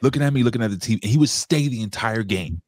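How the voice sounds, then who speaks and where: A man's voice: mid-range voice, racing, a little mellow, slightly rough, dry recording, clean studio sound. A man co-hosting a talk show, chatting casually and swearing bluntly. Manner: profane, blunt. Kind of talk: casual chat.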